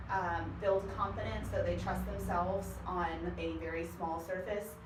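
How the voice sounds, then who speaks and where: A young woman casually teaching dog training with her own dog, talking in an easy, chatty way with frequent ums. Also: mid-range voice. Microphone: far camera mic. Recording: roomy, distant, noisy home video.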